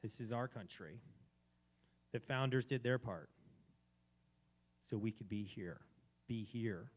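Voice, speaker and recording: A man hosts a live community gathering. He gives a spiritual talk in a preachy manner that moves between quiet reflection and emphatic, fervent declarations. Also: on the low side, slow, husky. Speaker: event host.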